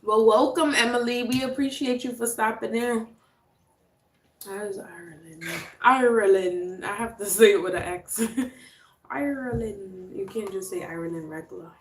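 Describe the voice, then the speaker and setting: A woman's voice: medium pitch, fairly even intonation, normal speed, slight background noise. A woman, chatting casually with viewers on a livestream, laughing often and reading out names. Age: 30s. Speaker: livestream host. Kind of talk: casual live chat with viewers. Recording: roomy echo.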